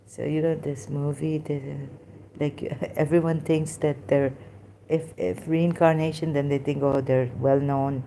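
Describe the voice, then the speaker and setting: A woman talking alone on a livestream, hesitant and halting, often dropping into whispers. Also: low voice, level tone, mellow, a little hiss or hum. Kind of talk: rambling solo livestream talk.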